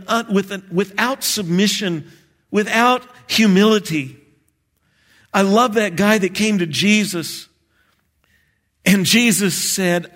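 A male pastor delivers a sermon in a bright, high-pitched voice. He is animated and playful, acting out prayers and chuckling at himself between points.

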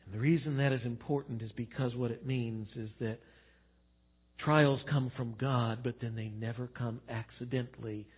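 A male pastor preaching a sermon, swinging from hushed, slow emphasis to loud, playful acting out. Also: medium pitch, breathy edge. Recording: tinny phone-like sound.

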